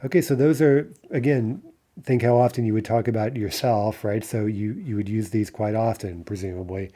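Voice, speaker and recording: A middle-aged man explaining grammar patiently in a lesson, often checking in with the listener and repeating example phrases slowly. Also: lowish voice, fairly even intonation, mellow. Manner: patient, explains step by step with frequent "right?". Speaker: language teacher.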